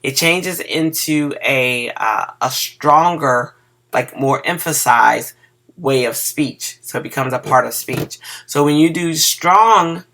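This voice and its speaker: A casual web design teacher walks through a screen-recorded coding lesson, chatty and checking in with the class. The voice has a gravelly edge and a bright, forward tone. The teacher sounds a little groggy on cough medicine and trips over words now and then. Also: mid-range voice, slow.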